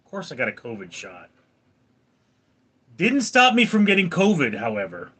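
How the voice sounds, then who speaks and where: A man's voice: a little high, wildly swooping pitch, moderate pace, bright, forceful tone, husky. A man in his forties hosting a casual livestream, reading out viewer comments and answering them dryly. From California. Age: 40s. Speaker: livestream host reading chat.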